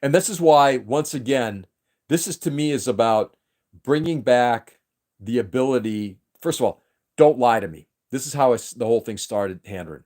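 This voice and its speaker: A man's voice: mid-range voice, animated, normal speed, darkish tone. A man from New England hosting a casual livestream, ranting with strong opinions and frequent restarts. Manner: opinionated, emphatic, restarts sentences often. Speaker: livestream host. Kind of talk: casual political rant on a livestream.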